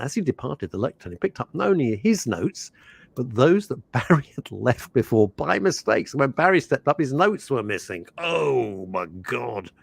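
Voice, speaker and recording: An older man hosting a radio show, chatting in an animated, rambling way that jumps between topics. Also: mid-range voice, vocal fry, husky. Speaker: radio host. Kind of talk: casual radio chat. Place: radio studio.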